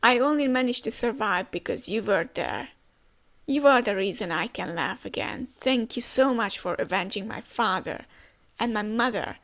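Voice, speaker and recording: A woman reading out the halting, heartfelt thanks of an adult samurai. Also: mid-range voice, lively intonation, fairly bright tone. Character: grateful adult samurai retainer, emotional.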